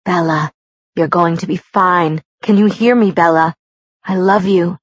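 Woman putting on a worried young man, soothing, slightly lower voice, breathy, dull lo-fi sound. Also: steady tone, a little slow, no room sound. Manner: soft, soothing, reassuring. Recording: dull lo-fi recording.

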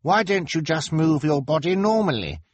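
A man's voice: on the high side, lively intonation, moderate pace, no room sound, pitched above the performer's own voice. A man voicing a clever young boy with a raised, precise, bookish delivery. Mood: eager.

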